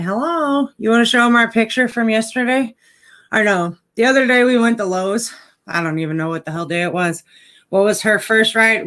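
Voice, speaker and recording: A woman's voice: mid-range voice, a bit bright. A woman chatting casually in a home vlog, rambling and cooing to a puppy on her lap. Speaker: vlogger. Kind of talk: casual chat. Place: home indoors.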